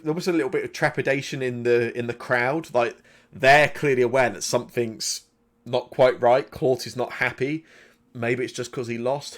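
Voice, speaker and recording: Man narrating a tabletop game, easygoing. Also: medium pitch. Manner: loose, conversational narration full of fillers. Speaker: game master.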